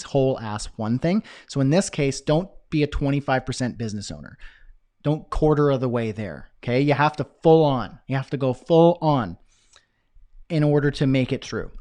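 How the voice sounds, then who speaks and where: A man teaching a live online business course, talking in an energetic, chatty way with self-deprecating asides. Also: fairly high pitch. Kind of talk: live webinar presentation.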